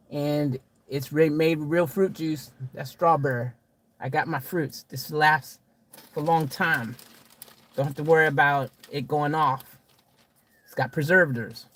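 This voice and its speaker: A woman's voice: deep voice, a bit bright. A woman live streaming, chatting casually and teasing her viewers as she reads their comments, laughing often.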